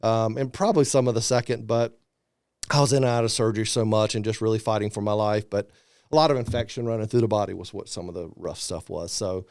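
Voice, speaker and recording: Smooth-voiced man telling his story. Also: on the low side, fast, no echo, studio quality. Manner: animated storyteller, acts out quoted voices. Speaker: podcast guest, motivational speaker. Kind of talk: casual storytelling interview.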